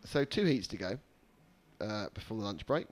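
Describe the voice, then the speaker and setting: A man's voice: lowish voice, animated, normal speed. A man giving live trackside race commentary with dry, sarcastic humor.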